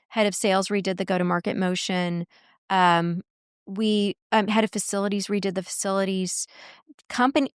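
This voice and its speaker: A woman guest in a podcast interview, telling workplace stories in an animated way and acting out quoted dialogue. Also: mid-range voice, clean tone, no room sound, clean studio sound. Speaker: guest, marketing executive and coach.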